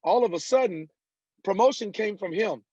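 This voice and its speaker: A man guests on a casual interview podcast and tells his story in an animated way, acting out the people he quotes. His voice sits a touch high. The sound is dull and lo-fi, with a dry, close feel. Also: moderate pace, breathy edge, no echo. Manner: animated storyteller who acts out quoted dialogue. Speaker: guest, country singer.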